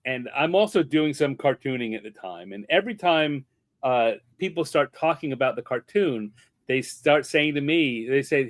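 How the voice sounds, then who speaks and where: A man's voice: mid-range voice, normal speed. A man telling a long personal story in a casual talk, acting out what people said. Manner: animated, acts out quotes. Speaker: guest artist and podcaster. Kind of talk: anecdotal storytelling in conversation.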